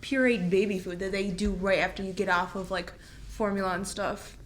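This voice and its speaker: A woman's voice: mid-range voice, steady tone, normal speed. A young woman guesting on a podcast, correcting her host in a dry, matter-of-fact way during casual chat.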